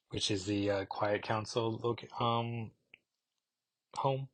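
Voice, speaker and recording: A man's voice: fairly low pitch, fairly even intonation, takes it slowly, pauses often, no room sound. A man hosting a podcast who reviews a comic book casually, rambling and correcting himself as he thinks aloud. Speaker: podcast host.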